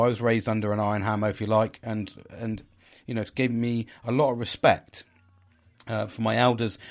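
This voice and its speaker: A middle-aged man talks in a rambling, candid way, stumbling over his words and restarting often. He swears freely and laughs at himself. His voice sits at an ordinary pitch for a man. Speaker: podcast host. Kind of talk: casual chat.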